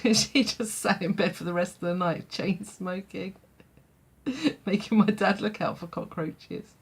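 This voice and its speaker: A woman's voice: mid-range voice, unhurried, slightly rough. A woman telling a childhood story in a vlog, chatty, full of fillers and laughing often. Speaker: vlogger.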